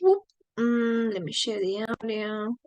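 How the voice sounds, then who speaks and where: A woman's voice: a little high, steady tone, slow pace, darkish tone. A woman teaching an online English class, friendly, asking her students the same questions again and again.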